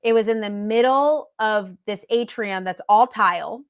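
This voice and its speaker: A woman guest on a casual livestream video call, telling animated, swear-laden stories about her paranormal gear. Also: medium pitch, clear, resonant tone, highs cut off. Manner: animated, swearing, quick storytelling with laughs. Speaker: paranormal equipment maker, guest.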